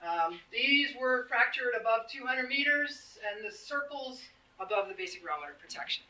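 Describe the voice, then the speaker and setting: Woman in her fifties, public talk, earnest, bright voice, acts out quotes. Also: a little high, expressive, normal speed, low-quality recording. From Canada. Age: 50s. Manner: earnest, plain-spoken, acts out quoted exchanges. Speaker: presenter. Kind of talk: public presentation.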